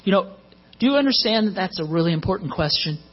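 A man's voice: high voice, lively intonation, fast talker, breathy edge, faint music behind. A middle-aged man preaching a sermon in a conversational way, with joking asides, on a muffled recording with mains hum.

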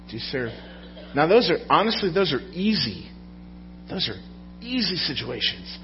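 A man's voice: on the high side, big pitch swings, moderate pace, slight background noise. A man preaching a sermon to a congregation in a conversational way, often asking the audience questions. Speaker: pastor. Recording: dull sound with long hall reverb.

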